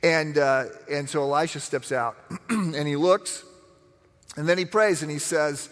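A middle-aged man preaching a sermon, telling stories with lively acted-out voices. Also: fairly high pitch, a little slow, long reverb tail. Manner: animated storytelling, acts out voices. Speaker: pastor.

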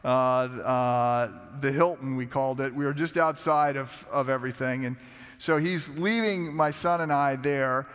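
A man, preaching a conversational sermon full of personal stories, relaxed and self-deprecating, with frequent restarts. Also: medium pitch, unhurried, clear, resonant tone, big-room sound. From United States. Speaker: pastor.

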